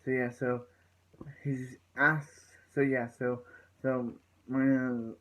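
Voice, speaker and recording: A man's voice: medium pitch, flat delivery, slow pace, fairly bright tone, slight background noise, rough recording. A man giving a loose, rambling recap of a TV episode as a reviewer, with lots of "so yeah" fillers as he paraphrases what the characters say. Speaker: TV show reviewer.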